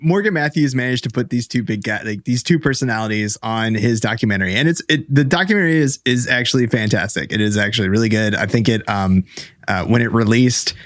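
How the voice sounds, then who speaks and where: A man's voice: medium pitch, fast, a bit bright, no echo, studio quality. A man co-hosting a casual podcast, recapping a story with many fillers. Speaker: podcast co-host. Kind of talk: casual chat.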